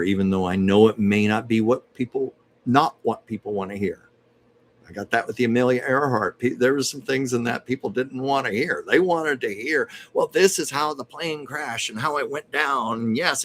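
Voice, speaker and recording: Guy rambling on a home livestream reading out comments, chatty medium vibe, bit of room noise. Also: on the low side. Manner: chatty, rambling, reads viewer comments aloud. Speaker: livestream host and psychic medium. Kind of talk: casual livestream chat.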